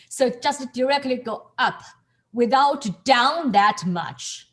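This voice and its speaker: A woman with as her teaches tones over a video call. She speaks slowly and a little high, stopping and repeating words as she goes. She laughs often between explanations. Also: animated. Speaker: Mandarin tone teacher. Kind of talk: online class instruction.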